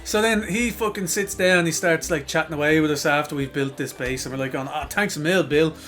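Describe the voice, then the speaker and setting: Swearing Irish lad telling a story. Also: male voice, fairly high pitch, fairly even intonation, fairly quick, a bit bright. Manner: swearing, laughing, acting out voices in his stories. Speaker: podcast co-host. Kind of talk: crude casual storytelling.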